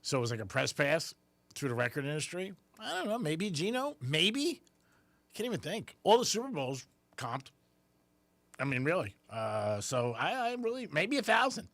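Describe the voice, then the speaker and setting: Radio co-host guy, rambly, swoopy bright voice, dry sound. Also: a little high, big pitch swings, normal speed, gravelly, dry recording. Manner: rambling, hesitant, chimes in with short reactions. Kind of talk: casual radio chat.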